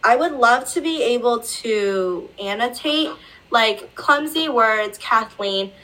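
A woman's voice: on the high side, animated, takes it slowly, sharp tone, poor audio. A woman guest on a podcast, chatting in a laid-back, self-deprecating way. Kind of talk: casual chat.

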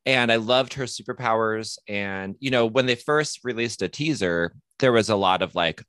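A man with a low voice chats casually as a podcast co-host. He talks in a relaxed, halting way and often restarts his sentences. The recording is dry and close. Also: no echo. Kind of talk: casual chat.

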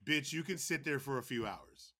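A man co-hosting a podcast in casual, profane, animated chat. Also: mid-range voice, normal speed, a little hiss or hum. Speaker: podcast co-host.

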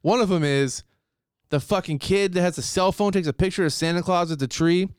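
A man co-hosting a podcast, ranting in a casual, profane and animated way. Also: high-pitched, a little fast, smooth, dry recording, clean studio sound. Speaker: podcast co-host.

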